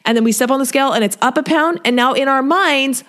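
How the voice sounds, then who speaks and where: A woman's voice: high-pitched, fast, a bit bright. A woman fitness coach talking casually and encouragingly, often acting out what her clients say. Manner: chatty, encouraging, acts out clients' voices. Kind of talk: solo podcast talk.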